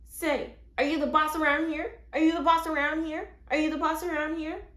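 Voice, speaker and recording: A woman voicing a cross, rude green parrot in a read-aloud storybook, talking loudly and bluntly. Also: high voice, flat delivery, moderate pace, pitched above the performer's own voice. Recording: roomy echo.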